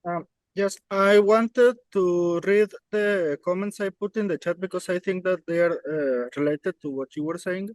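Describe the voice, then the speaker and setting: A man's voice: high voice, a little slow, dry recording, poor audio. A man taking part in a workshop, carefully reading out academic comments with some hesitation. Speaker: workshop participant.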